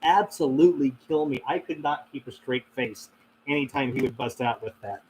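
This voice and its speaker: The audio is low quality with some background noise, as a man of medium pitch talks at a normal speed. Hosting a casual live stream for his paranormal channel, he reads the chat and responds, rambling with lots of fillers and laughing often.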